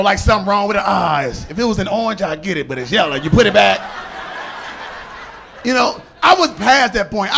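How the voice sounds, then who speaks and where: A stand-up comedian with a very high voice, telling a story in a lively way. He keeps laughing and shouting into his punchlines. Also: gravelly, slight background noise.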